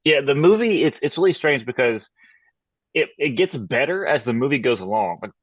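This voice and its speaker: A man co-hosting a podcast, talking in a relaxed, joking way. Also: medium pitch, normal speed, dry recording, dull audio. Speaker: podcast co-host. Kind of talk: casual podcast chat.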